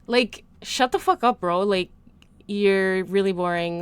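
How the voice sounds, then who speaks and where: A woman streamer chatting casually over a video, blunt, sweary and quick to laugh. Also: medium pitch, clean tone, no room sound. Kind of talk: casual livestream chat.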